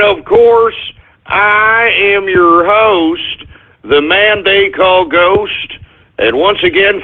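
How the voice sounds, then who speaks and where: A man with a high-pitched voice hosts a comic talk radio show over a thin, phone-like line. He rambles to his listeners and keeps snapping, exasperated, at people and pets off the air. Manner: exasperated, scolding asides to an unseen crew and a dog. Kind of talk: comedic talk radio monologue. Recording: phone-like narrow-band audio.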